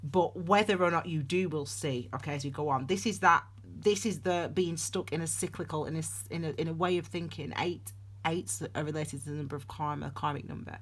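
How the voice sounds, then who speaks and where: A woman's voice: sits low, fairly even intonation, fairly quick, husky. A middle-aged woman giving a casual tarot reading, rambling and digressing with many restarts. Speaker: tarot reader.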